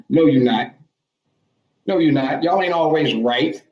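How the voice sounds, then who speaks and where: A man doing a stand-up bit on video, animated and mocking as he talks back to imagined customers. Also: a little high, slow. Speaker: stand-up comedian. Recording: echoey room, far from mic.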